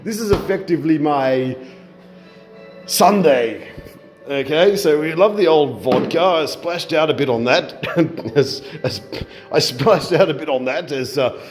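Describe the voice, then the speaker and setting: A man's voice: fairly high pitch, animated, measured pace, music in the background. Bawdy, rambling man hosting. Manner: bawdy, self-mocking, chuckles at his own jokes. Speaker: host of a cooking show. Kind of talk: rambling comic monologue. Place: home kitchen.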